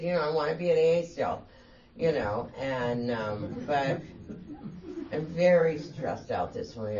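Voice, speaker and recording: A woman guest speaker telling her own story at a meeting, candid and self-mocking, laughing as she talks. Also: a bass voice. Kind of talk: personal storytelling talk. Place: meeting room. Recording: distant, dull, faint room hiss.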